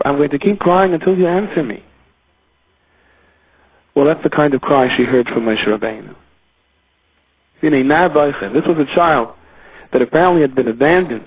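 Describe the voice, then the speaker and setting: A man, a rabbi, giving a Torah lecture in an animated storytelling manner with pitch rising and falling for emphasis. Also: husky. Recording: tinny phone-line audio.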